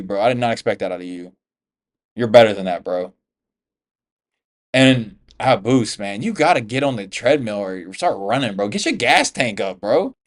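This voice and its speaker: A man from the US talks through fight results in a loose, offhand reaction vlog. His speech is full of slang and swearing, and he drops "bro" every few words. His voice sits at an ordinary, middle pitch for a man. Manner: slangy, profane, says "bro" constantly. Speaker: MMA YouTuber. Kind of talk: casual fight reaction commentary.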